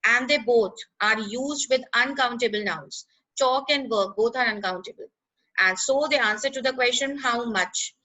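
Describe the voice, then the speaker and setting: A woman explaining grammar in a lesson, pausing with "uh" and checking in with "right?". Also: fairly high pitch, sharp tone, low-quality recording. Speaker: teacher.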